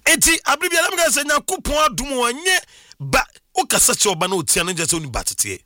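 A middle-aged man from Ghana telling his own life story in a casual, animated monologue with frequent exclamations. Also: extremely high pitch, fast, no echo, clean studio sound. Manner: animated, exclaiming, laughs often.

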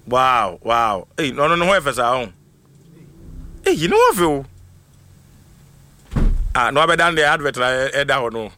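Animated man giving live shout-outs. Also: mid-range voice, a little slow, pauses often. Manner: animated, switches between Twi and English, laughs often. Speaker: livestream host.

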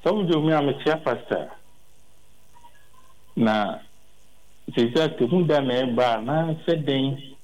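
A man's voice: mid-range voice, slow, pauses often, a little mellow. A Ghanaian man calling a radio show, speaking earnestly to the pastor. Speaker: caller. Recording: muffled phone line.

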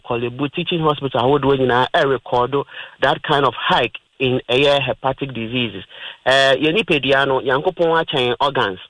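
A man's voice: medium pitch, a bit bright, dry recording, rough recording. A Ghanaian man hosting a radio health talk, explaining in plain terms and mixing in English words.

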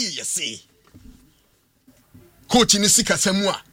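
A man's voice: sits high, big pitch swings, takes it slowly, sharp tone, husky. A man with a Ghanaian accent, hosting a sports radio talk show and giving emphatic, argumentative opinions. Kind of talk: radio sports talk in mixed Twi and English.

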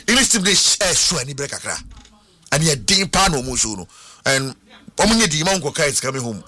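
A Ghanaian man presenting sports on radio, excitable, switching between languages and slipping into sing-song phrases. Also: fairly high pitch, fast. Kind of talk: sports radio talk mixing Twi and English.

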